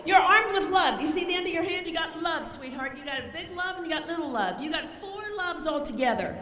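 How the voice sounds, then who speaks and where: A middle-aged woman giving an animated, emphatic motivational talk on self-defense, joking and acting out scenes. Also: very high-pitched, quick pace. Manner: emphatic, jokey, often shouting and acting out scenes. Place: large conference hall. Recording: echoey hall, faint ambience.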